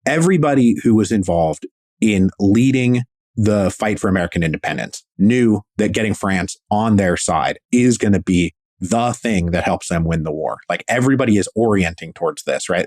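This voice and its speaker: A man's voice: fairly low pitch, expressive, a little fast, a little mellow, no echo. A man guest historian telling a story in a casual, enthusiastic, slangy way, acting out quotes.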